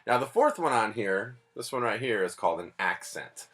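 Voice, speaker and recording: A man's voice: fairly low pitch, big pitch swings, moderate pace, fairly bright tone. A man teaching a band lesson in a patient, plainspoken, explanatory way. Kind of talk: music lesson.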